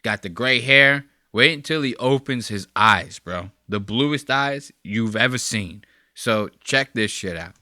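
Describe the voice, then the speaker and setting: A man riffing on a clip in a casual, swear-heavy, mocking way. His voice has a tense, forceful edge and swings widely up and down as he gets worked up. The sound is close and dry. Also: mid-range voice, measured pace, no room sound. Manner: profane, mocking, animated. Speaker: podcast host. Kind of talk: casual reaction commentary.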